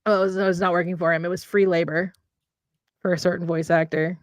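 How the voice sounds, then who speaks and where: A woman's voice: fairly low pitch, little pitch movement, fast, dry recording. A woman co-hosting a casual livestream chat, rambling and breaking off to talk to her pet. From United States. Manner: rambling, talks to her pet mid-sentence. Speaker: co-host. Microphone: condenser mic.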